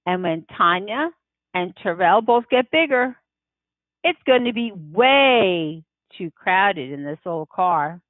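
A woman reading a children's novel aloud in the first person, unhurried and expressive. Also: lowish voice, no echo. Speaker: audiobook reader. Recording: tinny phone-like dry sound.

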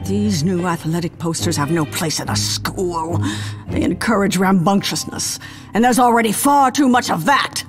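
A woman's voice: mid-range voice, normal speed, over music, natural voice. A woman doing a prim, stuffy principal. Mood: disapproving. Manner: prim, disapproving. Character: stern, stuffy school principal.

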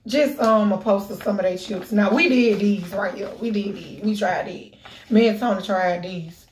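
A woman talking casually to her camera in a lively, animated way, swearing freely. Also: mid-range voice, moderate pace, a little hiss or hum. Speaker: vlogger. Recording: echoey room.

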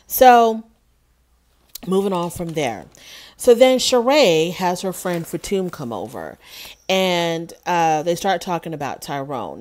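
Sassy woman recapping reality TV. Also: fairly low pitch. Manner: sassy, animated, mocks with acted quotes. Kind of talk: casual solo review commentary.

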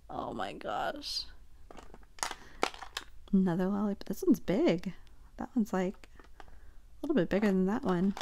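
A woman chatting casually as she unboxes craft mail, gushing with excitement and often dropping to soft whispers. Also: medium pitch, slight background noise. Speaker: craft vlogger.

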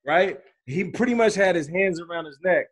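A man in his forties and a former pro athlete, telling stories as a podcast guest in a slangy, animated way. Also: high voice, moderate pace. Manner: lively, slangy, acts out quotes, laughs while telling stories. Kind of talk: animated storytelling in casual conversation.

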